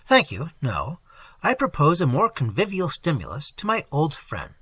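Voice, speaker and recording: A man reading the part of a reckless, worldly young gentleman who speaks boldly, breezily and with a faint sneer. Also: a little high, wildly swooping pitch, normal speed, slightly rough, no echo, full character voice. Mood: breezy.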